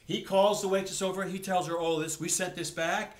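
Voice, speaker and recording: A man's voice: high voice, normal speed, hardly any pauses, fairly bright tone, roomy sound. A man in a comedy sketch therapy group, hesitant and stammering as he tells a self-pitying story.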